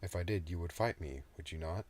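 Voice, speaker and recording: A man voicing an ancient male demon with a deep, soothing, mock-polite manner in an audiobook reading. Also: brisk, darkish tone. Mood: gloating.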